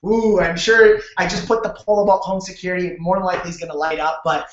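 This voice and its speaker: A man from Canada hosting a sales webinar over a video call, telling his story in an energetic, repetitive way and talking straight to his audience. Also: sits high, fast talker. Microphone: webcam or computer mic on a video call. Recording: roomy, dull lo-fi webcam audio.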